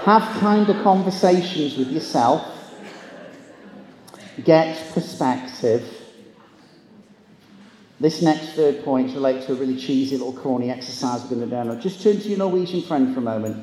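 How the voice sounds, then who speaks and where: A man's voice: medium pitch, moderate pace, pauses often, a little mellow, slight background noise. A man giving a humorous motivational talk to a live audience, telling comic stories and acting out the people in them. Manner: comic storytelling, acting out quoted voices. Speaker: motivational keynote speaker. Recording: echoey large hall.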